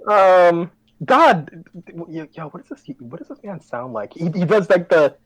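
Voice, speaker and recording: A young man chatting as a podcast guest, giggling often and tripping over his words. His intonation swoops up and down in a lively way. The recording is dry and close, with no room sound. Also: sits high, unhurried, dry recording, low-quality recording. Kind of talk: casual interview chat.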